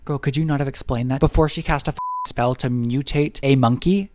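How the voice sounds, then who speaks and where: A man's voice: medium pitch, darkish tone, slight background noise. Snarky young man recapping a movie. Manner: snarky, swearing, acts out characters in quick asides.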